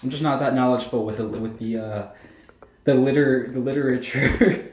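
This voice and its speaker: A man's voice: medium pitch, fairly even intonation, normal speed. A young man co-hosting a podcast, joking around in casual chat at a friend's house. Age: young adult. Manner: goofy, playful banter. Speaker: podcast co-host. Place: co-host's house. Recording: echoey room.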